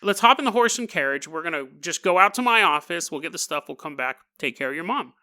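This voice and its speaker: A man voicing a lazy, unhurried male hotel doctor who hums and drifts off task. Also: a little high, lively intonation, sharp tone, exaggerated voice. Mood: bored. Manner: lazy, meandering, hums to himself.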